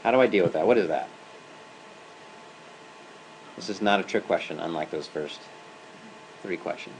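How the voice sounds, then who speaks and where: A man's voice: low voice, moderate pace, a little hiss or hum, low-quality recording. A man giving a university lecture in a classroom as an adjunct professor. He talks conversationally and keeps checking in with "right?" and "okay?".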